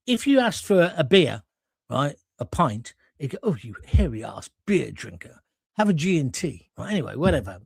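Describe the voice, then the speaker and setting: Animated chatty male host. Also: sits high, slightly rough, dry recording, clean studio sound. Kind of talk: live show anecdote chat.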